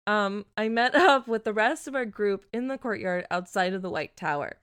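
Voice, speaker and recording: A woman co-host reads a listener's letter in a casual podcast chat, often dissolving into giggles mid-sentence. Her voice sits at an ordinary middle pitch. The sound is close and dry, with no room around it. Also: lively intonation, moderate pace, a bit bright, smooth, no echo. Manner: laughs often, breaks up mid-sentence while reading. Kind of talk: casual chat and story reading.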